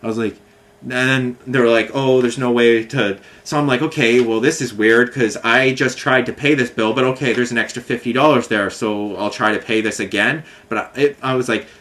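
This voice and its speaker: A man's voice: mid-range voice, fairly even intonation, normal speed, a bit bright. A man telling a long complaint story in a casual monologue, rambling and frustrated, with many fillers and restarts. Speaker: vlogger.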